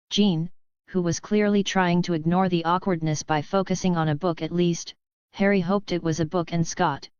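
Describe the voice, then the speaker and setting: A woman reading a fan novel aloud as an audiobook narrator, in an even, steady storytelling voice. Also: on the low side, clear, resonant tone, dry recording, lo-fi sound.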